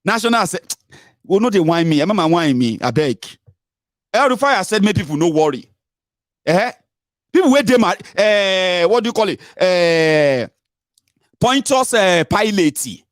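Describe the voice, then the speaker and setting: A man's voice: sits high, expressive, moderate pace, no room sound, studio quality. A Nigerian man with a Nigerian accent, mixing in Pidgin and Yoruba, giving an emphatic, mocking political monologue full of rhetorical questions. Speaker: political commentator.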